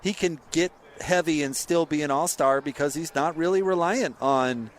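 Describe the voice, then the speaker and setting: A man hosting a sports radio show, giving blunt, sarcastic opinions in an animated rant. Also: fairly high pitch, normal speed.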